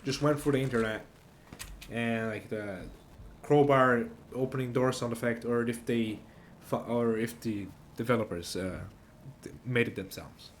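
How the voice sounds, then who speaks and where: A man's voice: mid-range voice, a little slow. Tipsy male gamer, stumbling, self-mocking casual commentary; slight background noise. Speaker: gamer playing a narrative game.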